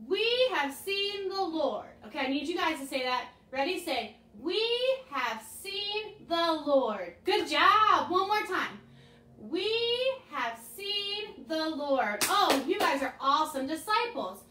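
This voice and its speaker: High-voiced woman telling a kids' Bible story. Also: fairly bright tone, slight background noise. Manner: slow, deliberate modeling of lines for kids to repeat. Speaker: children's chapel leader. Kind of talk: children's Bible story with call-and-response. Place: room with air freshener. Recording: echoey room, mic at a distance.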